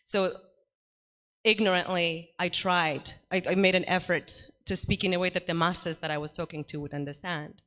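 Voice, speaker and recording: A woman's voice: lowish voice, steady tone, normal speed, a bit bright. A woman writer speaking on a festival panel, candid and easy to laugh. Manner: candid, laughs easily, some fillers. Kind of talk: panel discussion talk. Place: festival hall.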